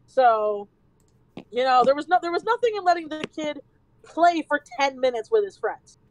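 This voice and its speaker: A woman streamer telling a story in casual chat, animated and swearing freely. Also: sits high, moderate pace, low-quality recording.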